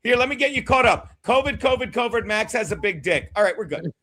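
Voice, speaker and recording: A man hosting a casual political chat show, loud and emphatic, joking and shouting his punchlines. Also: high-pitched, animated, fast talker. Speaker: podcast host.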